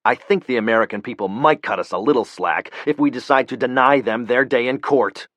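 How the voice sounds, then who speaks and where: A man's voice: mid-range voice, fairly quick, fairly bright tone, dry recording, close to an everyday voice. A man voicing a blunt, furious male CIA operative who curses and speaks with cold anger. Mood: angry.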